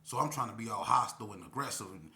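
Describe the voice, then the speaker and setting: Slangy man telling a story, bright tone. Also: lowish voice, expressive, fast talker. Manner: slangy and candid, repeats himself, acts out dialogue. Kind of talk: casual spoken storytelling.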